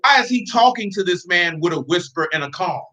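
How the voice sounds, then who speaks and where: A man's voice: high-pitched, expressive, fairly quick, bright, forceful tone, low-quality recording. A man preaching in a loose, conversational way, joking and talking straight to his congregation. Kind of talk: conversational sermon.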